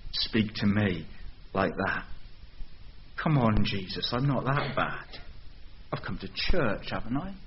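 A man's voice: mid-range voice, highs cut off, slight background noise. A man doing a huffy, self-righteous churchgoer. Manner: huffy, wheedling protest.

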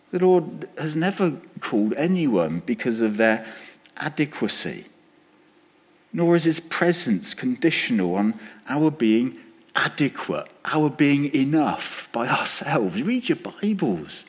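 A man preaching a sermon as pastor, conversational and lively, acting out quotes as he speaks. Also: medium pitch, a little slow, breathy edge.

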